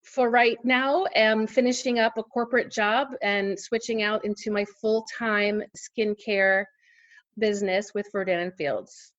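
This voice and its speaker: Woman, forties, podcast guest, animated storyteller, fillers, dull lo-fi sound. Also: mid-range voice, measured pace. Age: 40s. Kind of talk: casual interview storytelling.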